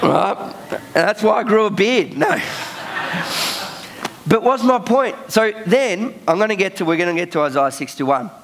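A young male pastor, preaching by telling a personal story in a chatty, animated way. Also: high-pitched, moderate pace, a little hiss or hum. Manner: chatty, animated storytelling with frequent laughs and fillers. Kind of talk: sermon storytelling.

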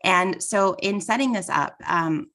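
Woman, podcast host, low pitch, gravelly, has a cold, earnest. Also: animated, unhurried, pushed and bright. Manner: effusive, earnest. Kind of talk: podcast interview.

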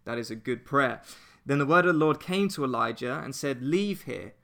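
A man's voice: medium pitch, normal speed, vocal fry. A man hosting a church podcast, giving an earnest, conversational devotional talk that leads into prayer. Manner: earnest, conversational, animated retelling.

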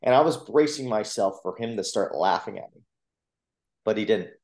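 A man's voice: fairly low pitch, moderate pace. Earnest man telling his story, roomy sound. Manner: earnest, animated retelling with acted quotes. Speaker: motivational coach and speaker. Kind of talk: personal storytelling in a podcast interview. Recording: roomy echo.

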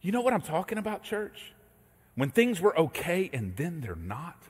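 A man preaching a sermon as a pastor, telling stories with animated energy and acting out voices. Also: fairly high pitch, moderate pace, slightly rough. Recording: echoey hall reverb.

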